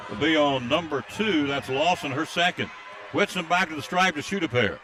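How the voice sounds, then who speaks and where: Bright-voiced play-by-play announcer. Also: male voice, a little high. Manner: rapid excited calls during fast plays, reads out listener greetings. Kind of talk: live basketball play-by-play commentary. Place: high school gym, courtside broadcast. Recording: faint crowd noise at a game.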